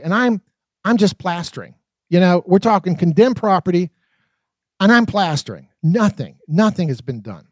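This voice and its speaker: Man narrating own memoir, high voice, expressive, dry, dull lo-fi sound. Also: dry recording. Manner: expressive, dramatic reading with quick asides.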